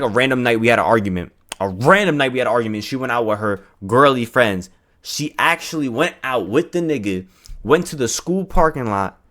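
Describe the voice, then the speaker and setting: A young man tells a personal story in a casual vlog. He talks in an animated, slangy, profane way and acts out the quotes, with a voice of average pitch.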